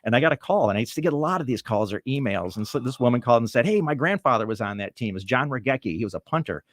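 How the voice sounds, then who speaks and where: A man telling a story as a guest in a casual interview, animated and laughing often, acting out the voices of people he quotes. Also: mid-range voice, rapid-fire, no echo, studio quality. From Michigan, USA. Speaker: film producer-director, guest.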